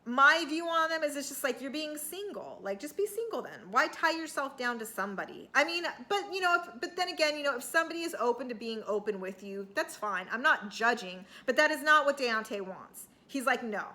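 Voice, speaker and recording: A woman with a high voice talks through a reality TV episode in an offhand, sarcastic style. She rambles with lots of "you know" and "like," and her tone is bright and sharp. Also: animated, a little fast, few pauses. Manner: chatty, sarcastic, rambling with fillers and occasional cussing. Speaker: TV recap vlogger. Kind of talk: casual reality TV recap.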